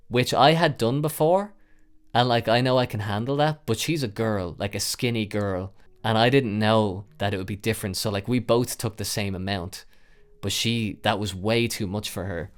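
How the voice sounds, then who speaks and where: Young guy on his podcast telling a crazy story, lots of likes and swearing, lowish voice, gets loud when it gets tense. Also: clean tone. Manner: rambling, swears a lot, many "like" fillers. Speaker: podcast host. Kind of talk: casual storytelling.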